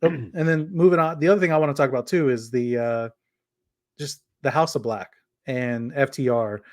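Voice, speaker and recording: A man's voice: mid-range voice, moderate pace, darkish tone, dry recording, clean studio sound. A man co-hosting a casual wrestling podcast, rambling with many restarts and hesitations. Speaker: podcast co-host.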